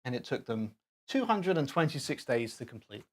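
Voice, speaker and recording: A man's voice: mid-range voice, animated, brisk. A man hosting a live stream, chatting casually and rambling with chuckles while he talks to his chat.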